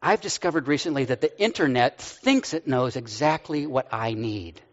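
A man's voice: medium pitch, animated, moderate pace. A man in his sixties preaching a sermon, telling the story conversationally with light humor. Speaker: pastor. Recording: dull audio with long hall reverb.

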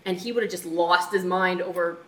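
A woman co-hosting a marriage talk, telling personal stories in a casual, animated way. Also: lowish voice. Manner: animated, talks through stories with quick asides. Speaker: marriage coach co-host. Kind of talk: casual chat, personal storytelling. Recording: echoey room with faint noise.

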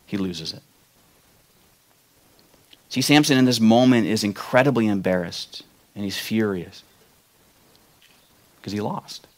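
Guy preaching, retells the story, goes loud and punchy at the big points. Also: fairly low pitch, expressive, measured pace, long pauses. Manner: storytelling with acted-out quotes, rising to loud emphatic peaks. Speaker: pastor. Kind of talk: sermon.

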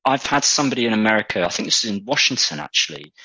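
British male guest, deep husky voice, dry close sound, chatty and reflective. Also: very animated, rapid-fire, bright, forceful tone, no echo, rough recording. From Britain. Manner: thoughtful, with frequent restarts. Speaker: interview guest. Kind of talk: casual conversational interview.

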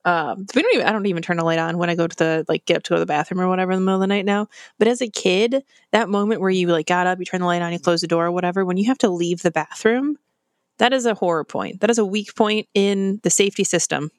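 A woman's voice: fairly low pitch, fast talker, no room sound, clean studio sound. A woman co-hosting a podcast, chatting casually and thinking aloud about childhood fears. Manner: chatty, reflective, laughs often. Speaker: podcast co-host.

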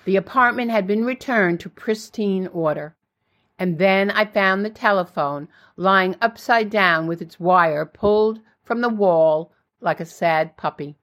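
An older woman narrating her own memoir in a plain, steady storytelling way. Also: medium pitch, unhurried.

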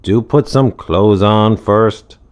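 A man's voice: fairly low pitch, slow pace, a little mellow, smooth. A man voicing a stern, irritable doctor and father, clipped and exasperated. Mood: irritated.

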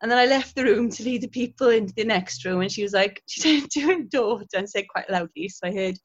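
A chatty woman tells her stories with a lively, laughing manner. Her voice sits at an ordinary middle pitch. The recording is dull and lo-fi. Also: fast, breathy edge. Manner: chatty, laughs often, animated storytelling. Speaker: guest, historical interpreter. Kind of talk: casual interview chat.

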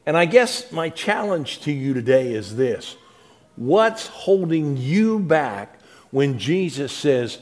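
Guy preaching a sermon, kinda high voice, chatty, goes soft then punchy. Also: big pitch swings, takes it slowly. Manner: conversational preaching, repeats words, swings from soft to emphatic. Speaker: pastor.

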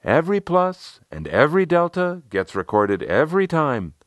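A man's voice: on the high side, big pitch swings, normal speed, no echo, clean studio sound, voice pushed up. A man doing a proud, chatty team leader. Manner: enthusiastic, boastful storytelling.

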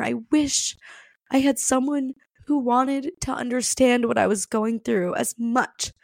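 A woman's voice: fairly high pitch, creaky, a little mellow, no room sound. A young woman hosting a podcast, talking candidly and emotionally about grief, with many "like"s and frank swearing. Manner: raw, emotional, fillers of 'like', swears freely. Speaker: podcast host. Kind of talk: candid personal monologue.

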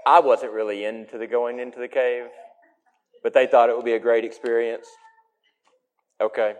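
A man preaching a sermon in an emphatic way, his voice swinging between loud and soft. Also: mid-range voice, level tone, moderate pace, clear, resonant tone, muffled recording.

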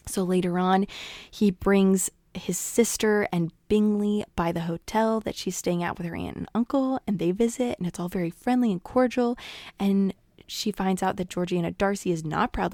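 A woman's voice: medium pitch, moderate pace, darkish tone, no room sound, clean studio sound. A woman casually retelling a story in a chatty way, full of asides to listeners. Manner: chatty, full of "like" and "you guys".

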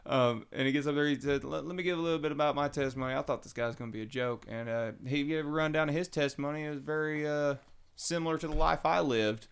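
A man telling his recovery story in casual, animated talk, acting out the voices of people he quotes. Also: fairly high pitch, fast, gravelly, smooth. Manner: animated, acts out quoted voices, Southern colloquial.

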